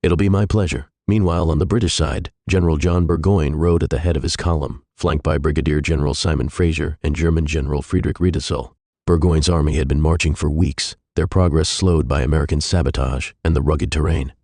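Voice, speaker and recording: A man narrating a historical fiction story in a measured, even way. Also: extremely low pitch, dry recording, studio quality.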